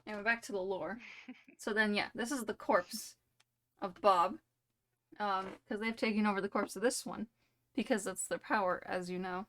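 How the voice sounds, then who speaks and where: A woman's voice: medium pitch, fairly even intonation, moderate pace, a bit bright. A woman streamer telling a silly made-up story during a live game, rambling and playful, full of "like" and "you know".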